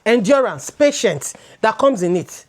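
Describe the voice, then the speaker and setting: A Nigerian woman in her thirties, co-hosting a relaxed talk show. She talks animatedly, drifts between English and Pidgin, and circles back over her own words as she makes her point. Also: mid-range voice, a little slow. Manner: animated, switching into Pidgin, laughing, repeating words as she goes. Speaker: co-host. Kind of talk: casual chat.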